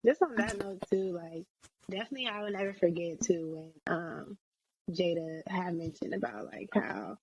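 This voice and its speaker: A woman's voice: on the low side, moderate pace, darkish tone, husky. A woman co-hosting a podcast, reflecting casually in a rambling way. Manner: rambling, reflective, laughs easily. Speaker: podcast co-host. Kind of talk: casual chat. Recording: dull lo-fi sound.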